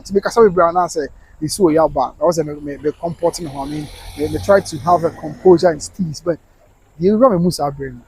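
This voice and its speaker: A man's voice: on the high side, fast talker, darkish tone, husky. A Ghanaian man hosting a livestream, reading viewers' comments aloud and answering with consoling words, switching between Twi and English. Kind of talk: live-stream commentary.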